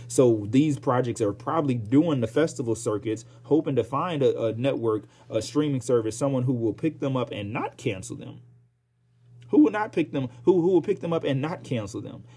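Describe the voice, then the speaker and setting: Man, podcast host, heated profane rant, dark mellow voice, husky tone. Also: medium pitch. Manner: profane, heated, animated ranting with sighs. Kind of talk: casual solo podcast rant.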